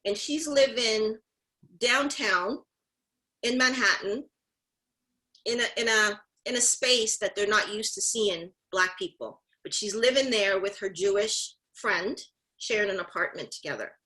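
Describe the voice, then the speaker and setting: This mentorship session speaker has a mid-range voice, a measured pace, and a sharp tone, though the audio is poor. Delivering a motivational talk to the group, she stays emphatic and direct, repeating phrases and addressing her listeners.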